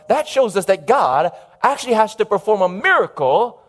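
A male preacher delivers a sermon in a high voice. He speaks emphatically and stops often to call out for an amen from his listeners. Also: sing-song, moderate pace. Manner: emphatic, calls for audience amens.

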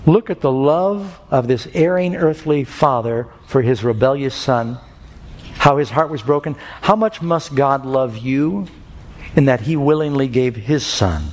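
A man's voice: medium pitch, measured pace. A man preaching an evangelistic sermon, earnest and telling stories that build to fervent peaks. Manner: earnest, rising to fervent climaxes in storytelling. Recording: music and long hall reverb.

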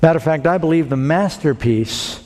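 A man's voice: fairly high pitch, normal speed, darkish tone. Emphatic male preacher in a reverberant hall. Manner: emphatic preaching, rising on key phrases. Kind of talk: sermon.

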